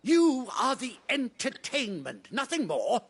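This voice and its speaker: Arrogant nobleman villain, high and bright, slow sneering delivery, wide swings. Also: wildly swooping pitch, husky, exaggerated voice. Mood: haughty outrage. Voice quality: haughty, theatrical, sneering. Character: arrogant cruel nobleman, middle-aged man. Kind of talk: video game voice acting.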